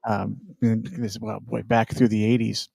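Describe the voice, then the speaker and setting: A man's voice: on the low side, flat delivery, unhurried, gravelly, warm tone, husky, dry recording, studio quality. A man in casual chat, telling old stories with a laugh. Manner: laughing anecdotal storyteller.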